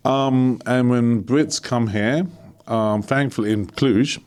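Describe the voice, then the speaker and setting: A middle-aged man from London, speaking as an honorary consul in a casual interview, jovial and animated, laughing often. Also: medium pitch, slow pace. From England.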